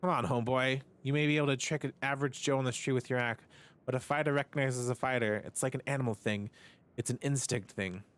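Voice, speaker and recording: A man's voice: mid-range voice, fast, smooth, close to an everyday voice. A man reading as a cocky brawny street thug. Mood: taunting. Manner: taunting and swaggering, read flatly. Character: brawny cocky male street fighter mugging an old man.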